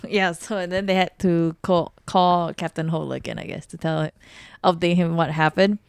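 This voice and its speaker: A woman's voice: fairly low pitch, moderate pace, gravelly, clear, resonant tone, no echo, studio quality. A woman co-hosting a fan podcast, chatting casually and giggling as she recaps scenes. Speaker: podcast co-host. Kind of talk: casual chat.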